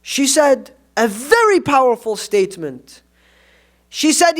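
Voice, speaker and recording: Male preacher, very high voice, fervent sermon delivery, presses the hall with rhetorical questions. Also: big pitch swings, slow. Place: mosque.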